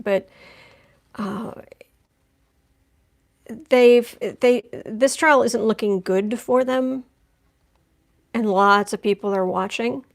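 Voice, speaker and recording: A woman's voice: medium pitch, creaky. A woman giving a chatty live-stream tarot reading, making wry asides as she lays out cards. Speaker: tarot reader.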